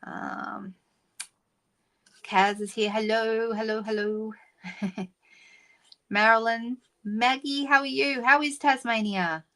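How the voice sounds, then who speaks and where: A woman's voice: on the high side, fairly even intonation, slow, pauses often, pushed and bright. A middle-aged woman hosting a papercraft live stream, chatting casually and greeting viewers by name. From Australia.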